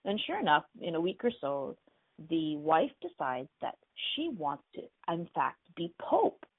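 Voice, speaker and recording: Chatty, gravelly-voiced woman host. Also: low-pitched, very animated, unhurried, no room sound. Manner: chatty, lots of "like" and "you know". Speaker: radio show host. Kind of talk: casual fairy-tale retelling. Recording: dry, tinny phone-like line.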